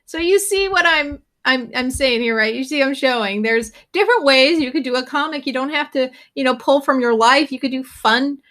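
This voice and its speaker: Bright-voiced woman teaching a class. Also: sits high, normal speed, hardly any pauses. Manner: chatty, laughs often, reads comics aloud. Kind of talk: classroom lecture.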